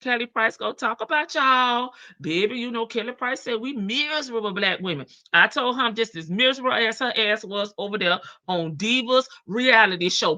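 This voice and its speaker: A woman's voice: a little high, pushed and bright, no echo, highs cut off. A woman hosting a casual livestream, greeting chat members by name in a slangy, playful way. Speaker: livestream host.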